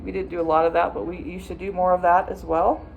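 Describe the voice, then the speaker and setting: A woman's voice: lowish voice, flat delivery, fast talker, gravelly, narrow, tinny audio, music in the background. Patient woman teaching viola practice. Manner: patient, step-by-step, chanting rhythm words. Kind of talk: instructional practice walkthrough.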